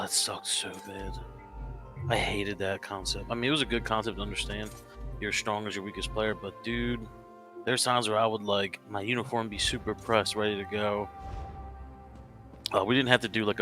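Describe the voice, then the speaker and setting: A man with a low but bright, punchy voice chats casually on a game stream and tells funny stories. He swears freely and laughs at his own misery. Faint game music plays underneath. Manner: jokey storytelling, swears freely, laughs at himself. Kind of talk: casual chat.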